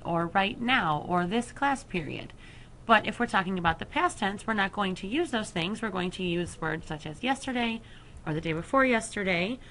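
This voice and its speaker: Woman teacher, recorded lesson, careful and slow on each form, mid pitch, faint hiss behind. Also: sharp tone. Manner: slow, careful explanation with deliberate pauses over verb forms. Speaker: Spanish teacher. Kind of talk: recorded flipped-classroom lesson.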